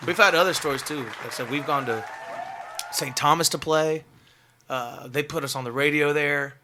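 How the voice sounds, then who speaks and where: A young man, a guest musician, telling a rambling, excitable story in a casual podcast interview, full of filler words. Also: fairly high pitch, moderate pace, noisy background.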